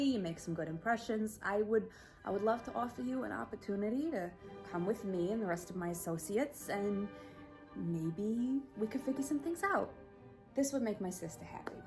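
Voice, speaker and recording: In an improvised comedy scene, a woman plays a sharp-tongued married woman from a crime family, sounding close to her everyday voice. She's smooth and persuasive, condescending and mock-sweet, and drops into low, menacing whispers.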